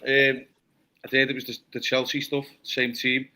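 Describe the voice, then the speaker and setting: A man's voice: mid-range voice, completely flat delivery, moderate pace, bright, forceful tone. A man hosting a casual football fan show, chatty and sweary, steering the talk.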